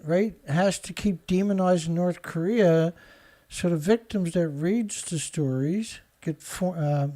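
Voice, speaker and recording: A man with a dark-toned voice on the high side hosts his own show. He reads news headlines aloud and answers each with sarcastic, indignant commentary.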